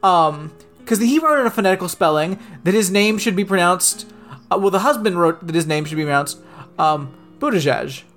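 A man's voice: high-pitched, expressive, a little fast, a bit bright, faint music behind. A man co-hosting a casual political talk show, ranting and mocking with plenty of swearing. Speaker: podcast co-host.

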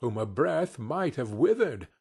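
A man voicing a gentle, solemn spirit who speaks quietly and slowly. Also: medium pitch, big pitch swings, gravelly, husky, heavily acted. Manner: quiet, measured.

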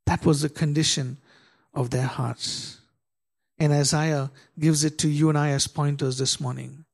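A man preaching a sermon, asking the congregation rhetorical questions and reading scripture slowly and dramatically. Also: on the high side, little pitch movement, vocal fry. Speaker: pastor.

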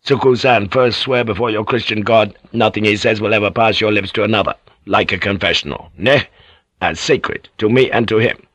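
A man reading a cunning warlord in a very low, measured voice. He sounds authoritative and calculating, and the close, dry read has no room sound. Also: a bit bright, no room sound. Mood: commanding. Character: shrewd, commanding male feudal warlord.

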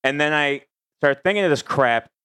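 A man trading deadpan jokes on a comedy podcast, his voice smooth and clean at a middling pitch. He stammers and restarts his lines, and the sound is dry and close. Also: moderate pace, dry recording. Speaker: comedian co-host. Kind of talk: casual comedy podcast banter.

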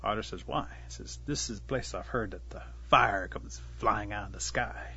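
A man's voice: lowish voice, pushed and bright, slightly rough, muffled recording. Man telling an animal folktale. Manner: unhurried folksy telling, voices the animals lightly. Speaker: storyteller. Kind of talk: oral storytelling of a traditional tale.

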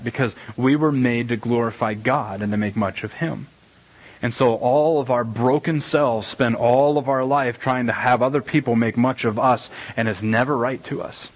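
A middle-aged man preaching a casual, conversational sermon as pastor, animated and rambling, with many restarts and repeated words. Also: medium pitch, rough recording. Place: church sanctuary.

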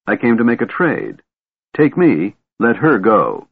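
A man's voice: medium pitch, very animated, unhurried, breathy edge, narrow, tinny audio, pitched above the performer's own voice, heavily acted. A man voicing a guarded, weary male half-elf warrior who speaks tensely and bitterly, in an audiobook.

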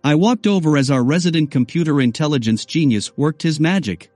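A man's voice: on the high side, brisk, a little mellow, no room sound, soft background music. A man narrating a first-person novel in a wry, sardonic way. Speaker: audiobook narrator.

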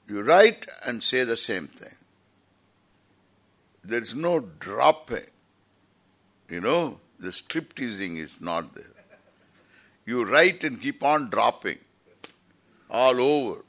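A man's voice: mid-range voice, sing-song, slow, pauses often, fairly bright tone. A man giving an informal, rambling lecture as a teacher at a scripture camp, often restarting his sentences. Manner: rambling, explanatory, with frequent restarts.

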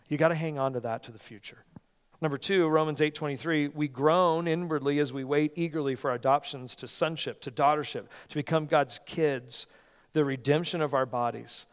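A male pastor preaching a sermon with passion, swinging from near-shouting peaks to soft, earnest tones. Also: medium pitch, brisk. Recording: long reverb of a large hall.

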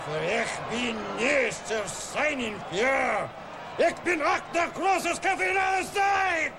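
An actor playing a boastful male dictator who boxes, shouting in a put-on German accent in a sketch comedy clip. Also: extremely high pitch, takes it slowly, crowd noise, full character voice. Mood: bellowing. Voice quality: bellowing, blustery. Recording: archive clip with loud audience noise.

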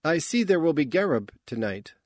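A man's voice: a little high, sing-song, moderate pace, dry recording, pitched above the performer's own voice. A man voicing a strange, terse man who speaks in short, matter-of-fact remarks. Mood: deadpan. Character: odd terse male twin, deadpan.

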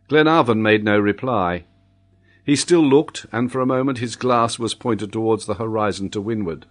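Measured male audiobook narrator. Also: lowish voice. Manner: measured, formal reading. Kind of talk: scripted narration.

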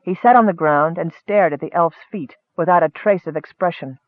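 A man narrating a fantasy story in a steady, measured audiobook reading. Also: on the high side, no echo, narrow, tinny audio.

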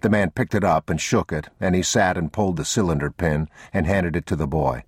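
Male audiobook narrator with a very low, husky voice and dry close sound, measured and somber. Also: no room sound. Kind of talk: scripted narration.

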